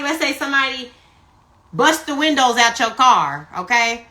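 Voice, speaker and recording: A woman giving a casual spiritual tarot reading on a phone live stream, animated and profane, who keeps checking in with her listeners. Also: high-pitched. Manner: animated, profane, keeps asking "you see what I'm saying". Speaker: tarot reader.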